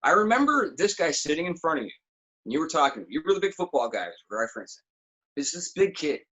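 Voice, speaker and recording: A man's voice: fairly high pitch, fast talker, low-quality recording. A man as a podcast guest, telling profane stories in casual chat. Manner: animated, profane storytelling.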